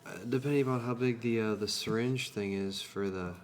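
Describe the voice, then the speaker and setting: A man's voice: medium pitch, steady tone, brisk, a little hiss or hum. A man on a casual podcast as guest host, eager and chatty. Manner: eager, pushes remedies, chatty.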